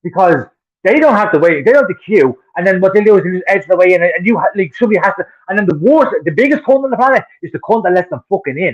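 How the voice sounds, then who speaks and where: An Irish man rants through his stories at a rapid clip, swearing freely as he goes. His voice sits a little high for a man, and the recording sounds dull and lo-fi. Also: lively intonation. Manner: profane, heated ranting storyteller. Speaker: podcast co-host. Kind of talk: casual chat.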